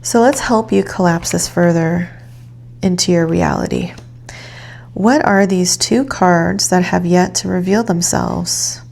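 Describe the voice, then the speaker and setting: A woman giving a calm, reflective tarot reading, guiding the listener gently. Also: fairly low pitch, a little slow, gravelly. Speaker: tarot reader.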